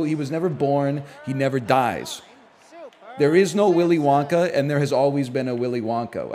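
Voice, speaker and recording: A man's voice: mid-range voice, a little mellow, slight background noise. A man in his thirties from Canada, chatting casually on a stream in a rambling, sardonic way and swearing freely.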